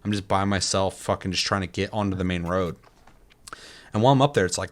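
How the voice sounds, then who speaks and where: A man's voice: low-pitched, fast talker. A man co-hosting a casual gaming podcast, telling game stories with lots of swearing and laughter. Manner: animated storytelling, heavy swearing, laughs often. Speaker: podcast co-host.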